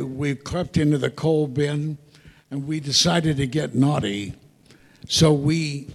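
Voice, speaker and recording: Gravelly older man in an echoey hall. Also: on the high side, a little mellow. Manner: rambling, self-interrupting anecdotes with wry asides. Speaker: guest speaker. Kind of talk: storytelling Q&A before an audience. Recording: echoey hall, live audience talk.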